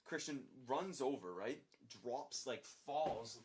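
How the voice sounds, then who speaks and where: Young adult male guest, casual storytelling, animated and profane, acts out dialogue. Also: mid-range voice, slow, a little hiss or hum. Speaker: podcast guest.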